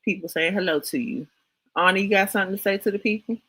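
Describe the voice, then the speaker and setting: A man's voice: high voice, fast, pushed and bright, dry recording, poor audio. A man from Washington, D.C., with a local accent, co-hosting a casual livestream talk show and greeting viewers in the chat with slang.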